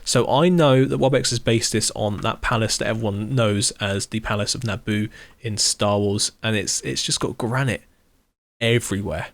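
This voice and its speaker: A man's voice: fairly low pitch, moderate pace, dry recording. Upbeat man touring a game server. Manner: enthusiastic, rambling, chuckles often. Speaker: YouTuber touring his creative game server. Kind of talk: casual gameplay walkthrough commentary.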